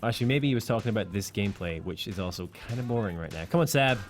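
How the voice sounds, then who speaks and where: A man's voice: on the low side, expressive, rapid-fire, noisy background. Chatty British man streaming a game. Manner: chatty, reads out viewer comments. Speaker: co-host of a live game stream. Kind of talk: casual live-stream commentary.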